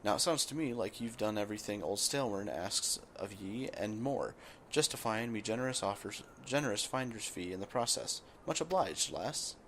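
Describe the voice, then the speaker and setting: A man voicing a gruff, blustering old male guild boss, reading game dialogue aloud. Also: fairly low pitch, expressive, moderate pace, fairly bright tone, slight background noise. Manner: reads in a rough dockside voice, drops it partway.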